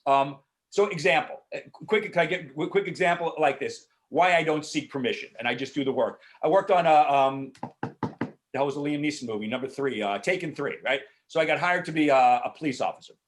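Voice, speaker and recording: Animated man telling a candid story. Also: fairly high pitch, brisk. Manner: animated, frank, swears freely, many fillers. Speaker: actor answering questions. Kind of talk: casual Q&A storytelling. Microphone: video call.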